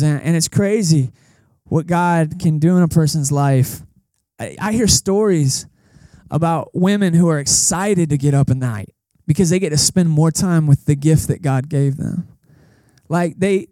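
A man's voice: sits high, dark tone, no room sound. A young man preaching a casual sermon as pastor, joking and talking straight to the congregation. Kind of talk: conversational sermon. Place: church service held in a cinema.

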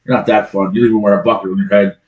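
A man's voice: on the low side, level tone, racing, lo-fi sound. A man co-hosting a casual talk show, teasing his partner in dry crude banter. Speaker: co-host.

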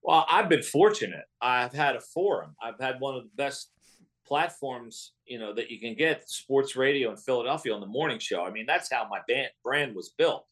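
Sex: man. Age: middle-aged. Role: comedian guest. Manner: chatty, restarting sentences. Pitch: medium. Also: expressive, normal speed, fairly bright tone. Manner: chatty, with frequent restarts and laughs. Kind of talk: casual interview storytelling.

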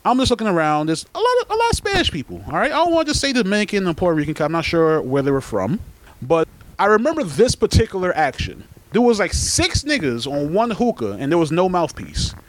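Podcast cohost dude, jokey and emphatic, voice jumps all over, pretty high. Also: male voice, very animated, fast. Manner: joking, emphatic banter. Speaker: podcast co-host. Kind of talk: casual chat.

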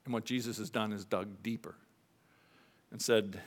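A pastor in his fifties preaching a sermon in a church, shifting between quiet confessional moments and raised emphatic points. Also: normal speed, long pauses. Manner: animated preaching, swings between soft confessional lows and raised emphatic highs. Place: church sanctuary.

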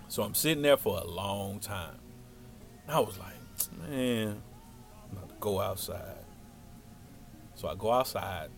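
A young man telling a funny personal story in casual slang, acting out every line of dialogue. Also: fairly low pitch. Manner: animated, slangy, acts out dialogue.

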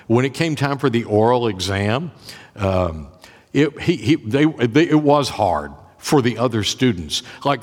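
Pastor telling a story in a church. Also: male voice, medium pitch. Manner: conversational, repeats words and restarts. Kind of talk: sermon storytelling. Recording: long reverb of a church.

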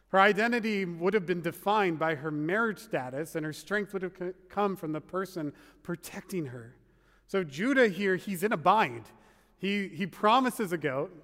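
A man's voice: high-pitched, a bit bright. A man preaching a sermon as pastor in a conversational, wry way, full of asides. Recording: long reverb of a large hall.

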